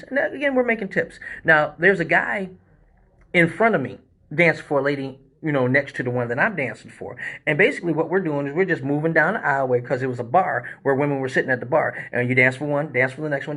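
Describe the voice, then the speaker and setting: A man hosting a live stream, telling crude funny stories from his dancing work in a profane, animated way. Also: on the high side. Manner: profane, animated storyteller who acts out the other people in his stories. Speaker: live show host and male exotic dancer. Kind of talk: casual storytelling on a live stream.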